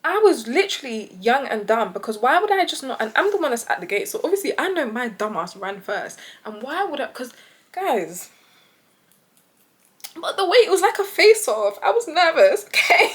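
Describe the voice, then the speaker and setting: A young woman with a British accent telling a story to her vlog audience, animated and acting out the voices of the people in it. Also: normal speed. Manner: animated, acts out quoted voices with big pitch jumps. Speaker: vlogger.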